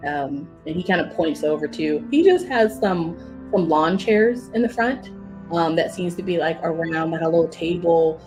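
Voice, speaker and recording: A woman's voice: deep voice, lively intonation, moderate pace, a little mellow, faint music behind, poor audio. A woman running a tabletop game as game master, narrating in a rambling, casual way and laughing often.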